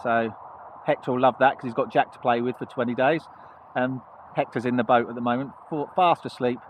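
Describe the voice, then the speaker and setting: A man's voice: medium pitch, steady tone, brisk, slight background noise, rough recording. A man chatting casually and jokily to camera, recorded outdoors by a canal. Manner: jokey, playful banter. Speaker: vlogger, narrowboat dweller. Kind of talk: casual chat.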